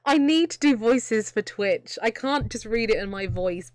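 A woman's voice: fairly high pitch, lively intonation, normal speed, no room sound, clean studio sound. A young woman giving chatty, jokey live commentary while she plays a video game, often breaking into laughter. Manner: chatty, giggly, jokey asides. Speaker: streamer playing a video game.

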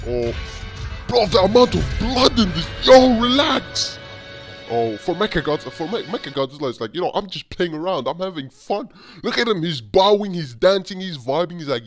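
Loud music plays behind this young man as he hosts a laid-back reaction video. He's excitable, keeps saying "bro," and his pitch is fairly high.

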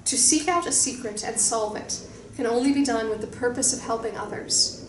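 A woman reading a short story aloud in a calm, measured storytelling manner. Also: on the high side. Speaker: narrator. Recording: roomy distant mic with faint hiss.

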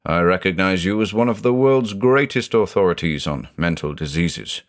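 A man's voice: sits low, expressive, normal speed. A man voicing a tormented old judge. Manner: brooding, anguished, growling. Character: tormented older male judge, haunted by murder.

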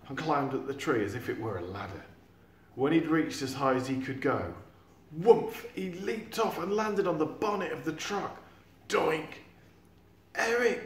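Male teacher, storybook read-aloud, animated, sound effects, echoey room. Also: on the high side. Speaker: teacher reading to a class.

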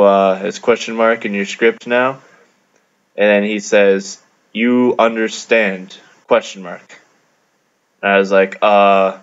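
Flat, gravelly young man telling a gaming story. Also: fairly low pitch. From Canada. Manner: laid-back, amused, many fillers. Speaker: gamer narrating a video. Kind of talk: casual storytelling over gameplay. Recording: dull lo-fi mic.

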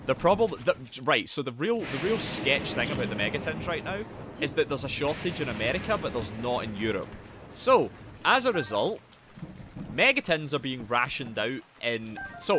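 A man doing live gameplay commentary as a streamer, swearing and yelling at the game as he chats. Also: medium pitch, heavy background noise. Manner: sweary, excitable, yells at the game.

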